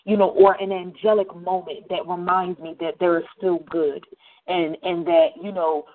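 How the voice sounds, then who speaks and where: Lively storytelling woman over a tinny line. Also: lowish voice, moderate pace. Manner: animated storytelling with slang. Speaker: radio show host. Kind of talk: casual monologue. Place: New Jersey.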